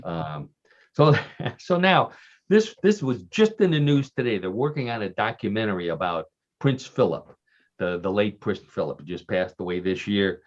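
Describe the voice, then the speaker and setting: A regular radio show guest with a lowish, very animated voice tells offbeat stories at a moderate pace. He's a chatty storyteller full of fillers and restarts, joking and laughing at his own tales, all in dull lo-fi radio sound.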